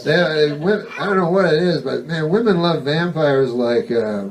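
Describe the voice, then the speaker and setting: A man doing stand-up comedy in a deadpan, rambling way, halting on ums and uhs and swearing often. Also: on the high side, a loud crowd. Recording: distant mic with background noise.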